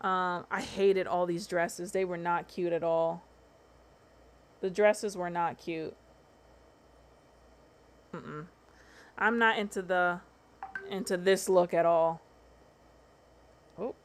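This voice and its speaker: A woman's voice: lowish voice, fairly even intonation, slow, long pauses. A woman hosting a casual livestream, talking in a chatty, slangy way and swearing freely. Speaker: livestream host.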